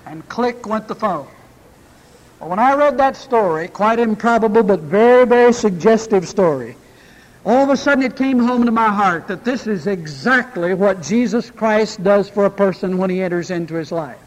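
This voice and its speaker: A man preaching a sermon, reading scripture and then telling an illustration story with dramatic pauses. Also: high-pitched. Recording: long hall reverb.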